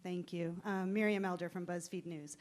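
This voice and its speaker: A woman reporter asking a question at a press conference in a measured, polite way. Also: fairly low pitch, fairly even intonation, a little mellow.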